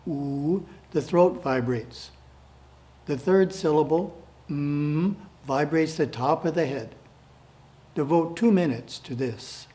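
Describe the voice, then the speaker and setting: A man reading his editorial aloud as calm, measured spiritual instruction. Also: on the high side.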